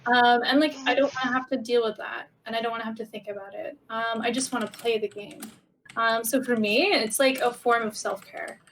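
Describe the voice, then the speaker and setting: A woman streamer talking as a guest on a casual show, candid and giggly, with lots of "like" in her speech. Her voice is a bit high, with a faint hiss of noise behind it. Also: steady tone, brisk, a bit bright. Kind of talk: casual chat.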